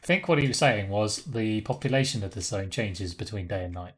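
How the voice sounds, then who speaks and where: A man's voice: on the low side, animated, a little fast, breathy edge. A man giving casual, dry commentary while he plays a game. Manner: dry, wry, chuckling asides. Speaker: streamer.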